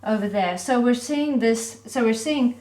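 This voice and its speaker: A woman giving a relaxed, chatty painting critique as an art teacher, correcting herself as she goes. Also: fairly high pitch, measured pace. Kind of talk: painting critique, talking while pointing. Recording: echoey room.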